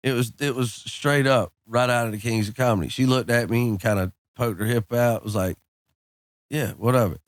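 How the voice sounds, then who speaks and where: A man in his thirties, a guest on a podcast, telling relaxed anecdotes in casual chat. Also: medium pitch, a little fast, few pauses, dry recording, studio quality. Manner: laid-back, drawling anecdotes peppered with "man" and "dude". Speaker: podcast guest, country singer.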